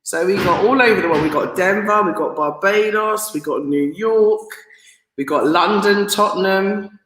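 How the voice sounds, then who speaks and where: A woman hosting a live stream, reading out viewer comments and greetings in a chatty, excitable way, often laughing and stumbling over names. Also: medium pitch, moderate pace. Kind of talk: casual live stream chat. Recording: roomy echo.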